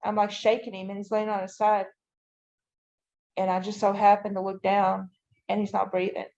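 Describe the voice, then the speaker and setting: A woman tells her story to a podcast host in a low, crackling fry. She walks through each moment in detail, with lots of "you know" and "I'm like" along the way. The audio sounds dull and lo-fi. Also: monotone, moderate pace, darkish tone. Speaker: podcast guest. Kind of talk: emotional personal account.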